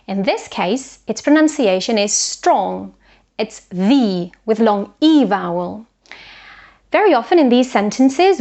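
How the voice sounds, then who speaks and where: A woman giving an online English pronunciation lesson, explaining rules clearly and carefully modelling example words. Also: a little high, darkish tone.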